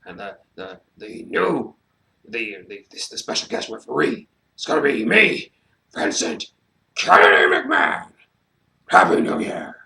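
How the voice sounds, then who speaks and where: A man putting on the voice of a blustering older wrestling boss, loud and theatrical. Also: fairly low pitch, huge pitch swings, vocal fry, echoey room, distant mic, heavily acted. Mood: gloating. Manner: loud, drawn-out, theatrical gloating.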